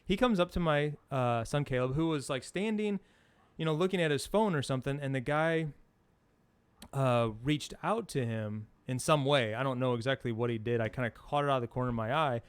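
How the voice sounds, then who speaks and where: A middle-aged man co-hosting a podcast in casual chat, rambling through an animated story with plenty of fillers. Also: medium pitch, brisk, clear, resonant tone, dry recording. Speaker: podcast co-host.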